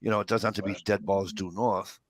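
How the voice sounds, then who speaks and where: A man's voice: fairly low pitch, fairly even intonation, fairly quick, dry recording. Man, from the northern US, casual chat, emphatic, profane, dry recording. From northern United States. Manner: emphatic, profane, talks over others.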